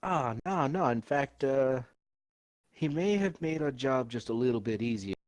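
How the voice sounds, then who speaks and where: A man's voice: medium pitch, expressive, measured pace, dry recording. A man playing a character in a tabletop game, easygoing and a little wry. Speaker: player.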